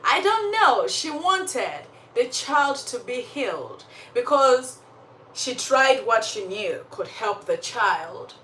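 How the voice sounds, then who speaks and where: A woman telling a story in a casual, animated way, with emphatic asides and religious commentary. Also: fairly high pitch, takes it slowly. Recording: echoey room, slightly far from mic, faint background noise.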